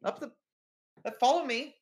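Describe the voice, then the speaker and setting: A man's voice: extremely high pitch, normal speed, slight background noise, voice pushed up. A man voicing a chirpy young female receptionist who speaks in an overly cheerful, sing-song way.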